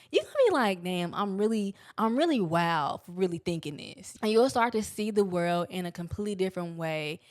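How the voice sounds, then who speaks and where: With a medium pitch and a somewhat dark tone, a young woman hosts a podcast on self-help. She's candid, casual and blunt, swears freely, and draws out words to stress them.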